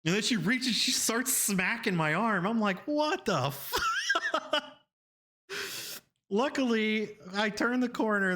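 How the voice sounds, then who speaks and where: A bright, forceful man from Florida telling a story to his stream chat. He repeats phrases and rambles. He leaps into high, loud voices when he quotes the people in his stories. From Florida, USA. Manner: animated, rambling, repeats himself, laughs often. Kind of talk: casual storytelling to a live chat.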